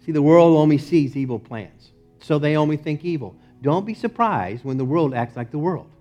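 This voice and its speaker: A male pastor preaching a sermon in a church, moving from loud emphatic lines to low, quiet ones. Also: expressive, moderate pace, lo-fi sound, faint music behind. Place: church sanctuary.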